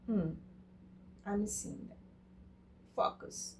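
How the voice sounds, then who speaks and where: A woman teaching eye exercises in a casual way, halting and searching for words, speaking English as a non-native with Portuguese as her first language. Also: darkish tone, a little hiss or hum. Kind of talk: casual instructional talk.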